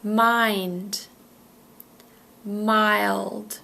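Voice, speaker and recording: Slow, careful woman teaching pronunciation. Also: mid-range voice, flat delivery, vocal fry, sharp tone. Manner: models words carefully, repeating each one. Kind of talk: slow, deliberate pronunciation drill.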